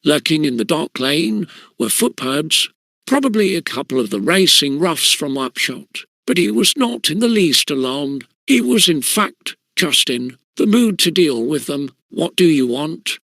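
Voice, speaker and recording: Bright-toned man with a gravelly edge. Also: on the high side, dry recording. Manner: measured, steady storytelling. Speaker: audiobook reader. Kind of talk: scripted story narration.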